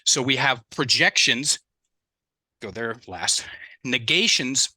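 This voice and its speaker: Man with a very bright, dry voice. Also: medium pitch, slow pace, dry recording. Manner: animated, acts out quoted dialogue. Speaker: mindset coach guest. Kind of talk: casual storytelling interview. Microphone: headset.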